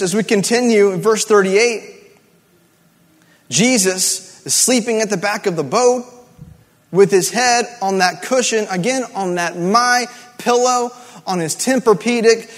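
High-voiced preacher in a reverberant hall. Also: male voice, measured pace. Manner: conversational and emphatic, repeats key words. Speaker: pastor. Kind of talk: sermon.

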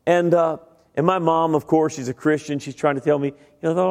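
Animated male preacher in a reverberant church. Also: fairly high pitch, a little fast, gravelly. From Italian-American family. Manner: animated storytelling, stammering impressions, self-deprecating humor. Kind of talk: humorous sermon with acted-out voices. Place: large church sanctuary.

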